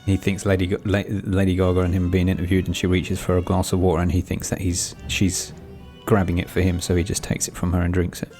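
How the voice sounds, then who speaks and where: A man's voice: deep voice, completely flat delivery, fast talker, few pauses, a little mellow, soft background music. A man co-hosting a podcast, chatting casually and teasing his co-host. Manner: teasing, jokey. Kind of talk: casual chat.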